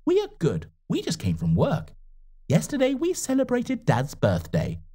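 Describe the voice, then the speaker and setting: A high, lifted voice of a worried middle-aged mother who fusses over her son with rapid anxious questions, put on by a husky male narrator. The storybook mom sounds caring and a little breathless with concern. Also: huge pitch swings, mellow, full character voice. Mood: anxious, fussing.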